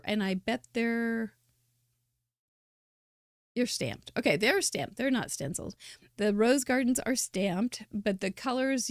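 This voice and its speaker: A woman hosting a live crafting show, chatting warmly and enthusiastically as she praises viewers' handmade cards. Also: mid-range voice, no echo, studio quality. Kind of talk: live-stream card showcase commentary.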